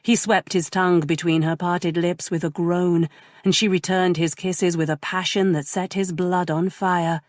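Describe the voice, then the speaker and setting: A woman narrating a romance audiobook in a measured, gentle way. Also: fairly low pitch, fairly even intonation, no room sound, clean studio sound.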